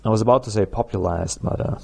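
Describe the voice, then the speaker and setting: A man's voice: on the low side, fast, creaky, a little mellow, husky. A man with a German accent, a native German speaker, chatting through gameplay commentary as a let's play host and laughing at his own jokes.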